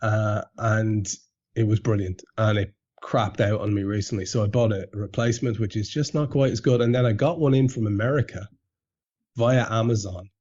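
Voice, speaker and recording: A man's voice: on the low side, fairly even intonation, moderate pace, darkish tone. A man hosting a casual podcast chat, often stammering and restarting his sentences and swearing offhandedly. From England. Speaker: podcast host. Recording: dull lo-fi podcast audio.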